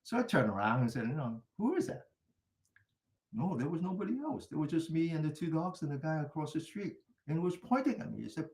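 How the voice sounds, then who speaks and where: A man's voice: a little high, sing-song, brisk, darkish tone, roomy sound. An older man teaching a mindfulness class, telling stories in a chatty way and often asking "right?". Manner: chatty storytelling with frequent laughs and rhetorical "right?".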